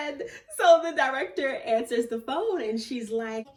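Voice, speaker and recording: Young woman, theatre actor, casual storytelling, animated, laughing, fairly high voice, echoey room, a bit far from the mic. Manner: animated, laughing, squealing when excited.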